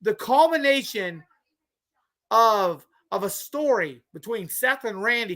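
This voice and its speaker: A woman co-hosts a live wrestling podcast, trash-talking with heavy emphasis and laughing often. Her voice sits at a middle pitch. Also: lively intonation, unhurried, fairly bright tone. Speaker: podcast co-host. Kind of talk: casual wrestling chat.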